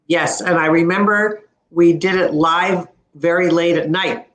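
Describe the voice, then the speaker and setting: A woman with an Ontario Canadian accent explaining pronunciation in a casual chat, slowly demonstrating words. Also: fairly low pitch, fairly even intonation, reverberant. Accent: Ontario Canadian English. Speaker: speech-language pathologist guest.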